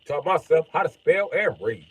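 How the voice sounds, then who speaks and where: Male live streamer, profane rambling rant, slightly high and husky. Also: expressive, normal speed. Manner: profane, rambling, reacts to chat. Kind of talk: casual livestream rant.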